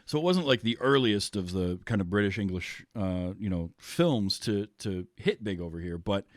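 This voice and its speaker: A man's voice: on the low side, lively intonation, normal speed, no room sound, clean studio sound. A man from the United States hosting a podcast, chatting casually and rambling with many ums. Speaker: podcast host. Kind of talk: casual chat.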